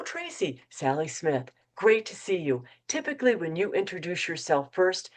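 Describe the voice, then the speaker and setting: A middle-aged woman giving a motivational webinar talk, acting out quoted dialogue with lively shifts in her voice. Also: low voice. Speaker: keynote speaker.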